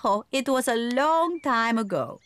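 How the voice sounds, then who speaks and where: A kindly gazelle schoolteacher. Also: female voice, high voice, lively intonation, a little slow. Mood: cheerful. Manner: gentle, fond, lilting. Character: kindly, old-fashioned female gazelle schoolteacher. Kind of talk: cartoon voice acting. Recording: music under the voice.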